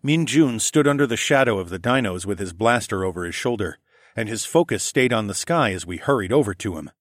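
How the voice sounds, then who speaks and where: A man narrating a first-person adventure novel in a steady storytelling read, lifting his energy for the dialogue. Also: lowish voice, a little fast, no room sound, clean studio sound. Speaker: audiobook narrator.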